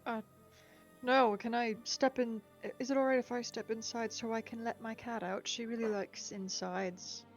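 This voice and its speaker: A woman player speaking quietly and politely in character in a tabletop game. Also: a little high, steady tone, normal speed, hardly any pauses, soft background music.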